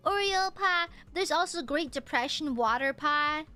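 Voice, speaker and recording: A woman's voice: sits high, lively intonation, measured pace, bright, forceful tone, soft background music. A young woman with a subtle Southern US accent, chatting casually and playfully as a streamer while reading donations. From United States. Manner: chatty, playful, pouty teasing.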